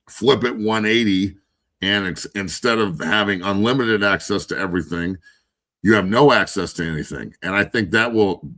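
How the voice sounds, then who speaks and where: A man's voice: on the low side, a bit bright. A man hosting a sports talk show, a former player who tells locker-room stories in a casual, profane way. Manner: profane, storytelling, does voices of others. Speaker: podcast host, former player.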